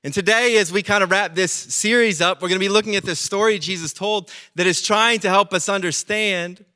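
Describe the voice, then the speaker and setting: A man preaching a sermon as pastor, telling stories with lively acted-out voices. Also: high voice, brisk, smooth. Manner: animated storytelling, acting out quoted voices.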